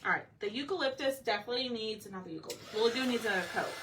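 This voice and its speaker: A woman's voice: a little high, very fast. A woman hosting a casual live painting session, chatting and thinking aloud as she works and asking viewers for their opinions. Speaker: craft painting host. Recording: slightly distant mic with faint background noise.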